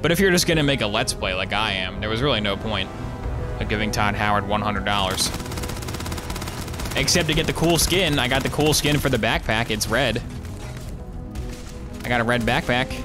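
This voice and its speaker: A man giving casual, sarcastic let's play commentary as he plays, with joking asides and sudden excited yelps. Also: mid-range voice, moderate pace, long pauses, music in the background. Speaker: gameplay streamer.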